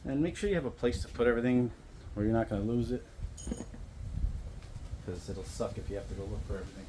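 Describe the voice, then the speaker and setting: A man's voice: fairly low pitch, quick pace, dark tone, slight background noise. A man talking casually through a do-it-yourself car repair, rambling and explaining each step as he works. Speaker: DIY car repair vlogger. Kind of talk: casual how-to walkthrough.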